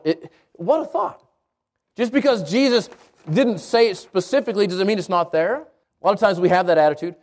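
A man's voice: high voice, a little fast, a little mellow. A male pastor preaching a sermon, asking rhetorical questions again and again and restarting words as he goes.

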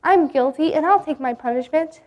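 A woman's voice: high voice, moderate pace, highs cut off, pitched above the performer's own voice, close to an everyday voice. A woman voicing a frightened, poor little schoolboy who stammers and trembles. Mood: timid.

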